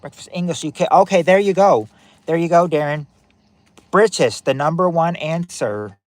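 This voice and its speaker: A man's voice: fairly high pitch, moderate pace, no echo. A man hosting a family quiz game on a livestream, reading questions and chatting with viewers by name, often repeating himself. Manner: chatty, repeats phrases, reacts to chat names.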